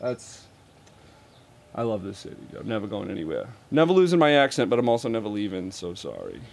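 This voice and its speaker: A man's voice: on the low side, huge pitch swings, fairly quick, gravelly. A man in his thirties, a touring roadie and musician, chatting as a podcast guest in a laid-back, profane and self-deprecating way. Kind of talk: casual interview chat.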